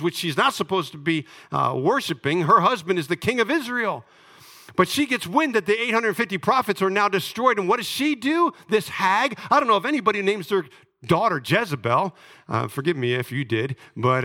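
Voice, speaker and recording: A middle-aged male pastor preaching a sermon, telling scripture stories dramatically and swinging from loud, emphatic peaks down to hushed, low lines.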